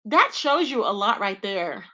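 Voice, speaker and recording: A woman's voice: mid-range voice, sing-song, measured pace, bright, forceful tone. A woman hosting a casual gossip livestream who talks to her viewers, greets them by name and calls them babe and child, with features. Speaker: YouTube commentary livestream host.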